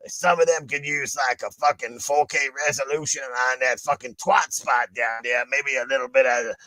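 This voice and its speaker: A man co-hosting a gaming podcast, brash and profane, ranting crude jokes in loud bursts. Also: medium pitch, steady tone, normal speed, no room sound, poor audio. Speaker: podcast co-host. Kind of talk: crude comedic rant.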